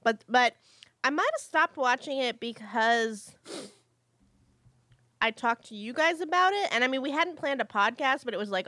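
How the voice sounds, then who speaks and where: Female podcast co-host, higher and bright, dry close sound, relaxed and wry. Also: moderate pace, no room sound. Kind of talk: casual chat.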